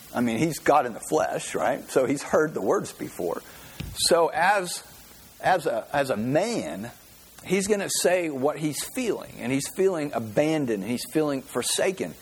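Husky-voiced man preaching a casual sermon. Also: fairly high pitch. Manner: folksy storytelling with frequent restarts. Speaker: pastor. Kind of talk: conversational sermon.

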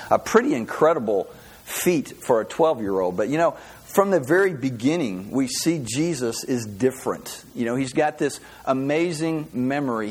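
A man delivers a relaxed, chatty sermon as a pastor to a small group, speaking at an ordinary, mid-range pitch. He tells stories informally, often pausing on fillers and starting sentences over. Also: slightly rough. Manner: relaxed, chatty storytelling with frequent fillers and restarts. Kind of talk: casual sermon to a small congregation.

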